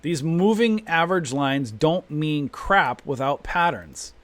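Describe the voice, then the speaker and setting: A man's voice: on the high side, expressive, takes it slowly, a bit bright, no room sound. A man hosting a live trading stream, talking emphatically and repeating his points in a long rant. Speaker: trading room host.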